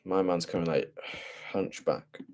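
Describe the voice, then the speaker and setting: Low-voiced man breaking down charts. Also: fairly even intonation, unhurried, a little mellow. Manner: profane, slangy, thinking aloud. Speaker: forex trader.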